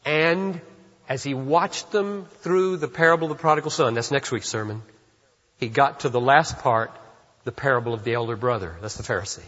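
A man's voice: mid-range voice, moderate pace. Male pastor preaching in an echoing hall. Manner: builds from hushed to loud and emphatic. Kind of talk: sermon. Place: church sanctuary. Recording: dull reverberant church hall.

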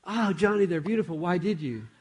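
An older man voicing his wife in a story, with a raised, excited voice. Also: sits high, fairly quick, husky, voice pushed up. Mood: delighted. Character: preacher's wife, surprised and delighted.

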